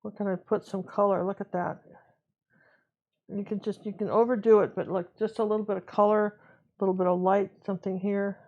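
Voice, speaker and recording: Woman painting instructor, casual running commentary, mid-pitched, slightly muffled audio. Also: a little fast. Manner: relaxed, chatty, talks to herself while working. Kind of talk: live painting tutorial.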